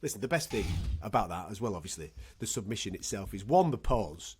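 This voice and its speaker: Playful presenter, lively pitch. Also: male voice, a little fast, slightly rough. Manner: playful, teasing, bantering. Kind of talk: studio sports panel chat.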